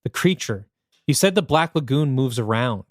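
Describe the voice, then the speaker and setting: A man voicing a sad, quiet twelve-year-old girl on the verge of tears. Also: medium pitch, lively intonation, moderate pace, no room sound, clean studio sound, lightly acted. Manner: quiet, tearful. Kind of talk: podcast story reading.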